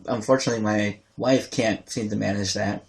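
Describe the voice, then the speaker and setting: A man in his thirties talks with a gravelly edge in his voice. He is a guest on a casual podcast and speaks bluntly as a worn-out parent. He swears without thinking about it. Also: on the low side, steady tone, brisk, a little hiss or hum. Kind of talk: casual chat.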